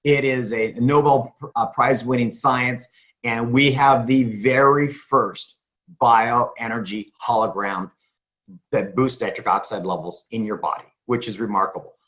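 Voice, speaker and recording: A man presenting a sales pitch, repeating his claims with emphasis and asking himself rhetorical questions. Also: steady tone, a little slow, a bit bright, muffled recording.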